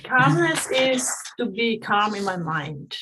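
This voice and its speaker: A woman's voice: medium pitch, big pitch swings, takes it slowly, noisy background. A woman being coached, answering in brief, hesitant replies. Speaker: coaching client. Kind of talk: coaching session.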